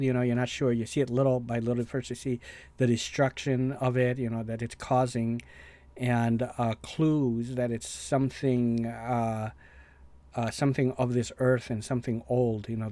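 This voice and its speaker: A man's voice: medium pitch, dark tone. A man hosting a reaction video, talking casually in a rambling, hesitant way with many fillers and restarts.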